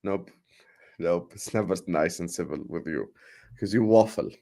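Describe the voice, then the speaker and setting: A young man hosting a casual football debate livestream, animated and full of banter and fillers, while fasting. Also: sits low, vocal fry. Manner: animated, banter-heavy, lots of filler phrases. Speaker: football podcast host.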